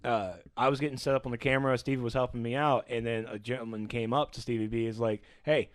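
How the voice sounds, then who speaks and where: A man co-hosting a casual podcast, chatting enthusiastically and giving shout-outs to fans. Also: medium pitch, little pitch movement, fast talker, no echo. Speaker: podcast co-host. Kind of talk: casual chat.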